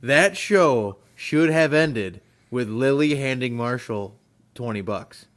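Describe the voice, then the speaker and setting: A man's voice: mid-range voice, animated, takes it slowly, a bit bright. A young man in casual podcast chat, ranting with enthusiasm about TV finales. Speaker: podcast co-host.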